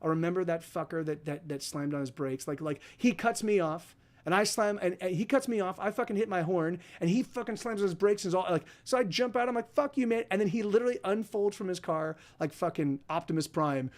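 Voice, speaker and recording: Guy with a high voice rambling thru stories on his stream, lots of restarts and cussing. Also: fairly quick, hardly any pauses. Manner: rambling storytelling with many restarts and swearing. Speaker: musician and podcast host. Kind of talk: casual livestream chat.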